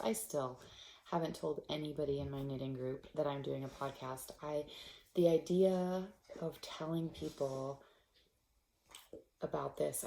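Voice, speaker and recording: A woman's voice: on the low side, creaky, dark tone, roomy sound. A woman hosting a knitting podcast, talking casually and getting choked up and laughing between thoughts. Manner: emotional, choked up, laughing often. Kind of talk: casual solo podcast talk.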